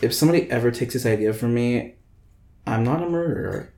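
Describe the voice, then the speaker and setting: A man's voice: medium pitch, fairly quick, warm tone. A man in his twenties hosting a podcast, chatting casually and rambling with lots of "like" fillers. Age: 20s. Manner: rambling, many "like" fillers, theatrical. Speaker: podcast host. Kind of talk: casual chat. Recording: roomy echo.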